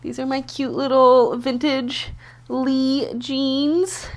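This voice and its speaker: A woman's voice: high-pitched, level tone, slow. A woman vlogging casually at home to camera, chatty and self-deprecating, thinking aloud as she talks about her own work. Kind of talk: casual vlog talk to camera. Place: at home, indoors.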